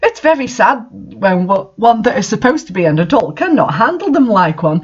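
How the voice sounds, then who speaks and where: A reader giving a mock-dramatic reading of an author's note, theatrical, with sudden shouted outbursts. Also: mid-range voice, muffled recording. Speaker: reader of fan fiction.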